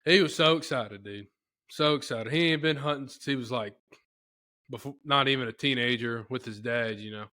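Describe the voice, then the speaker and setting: A man hosting a podcast, telling a story in a casual, rambling, animated way with lots of filler talk. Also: mid-range voice, normal speed. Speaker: podcast host.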